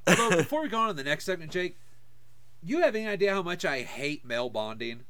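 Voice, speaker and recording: A man's voice: sits high, sing-song, fast talker, pushed and bright, smooth, no echo. A man co-hosting a podcast, chatting casually and ranting in a crass, profane way. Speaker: podcast co-host. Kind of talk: casual banter.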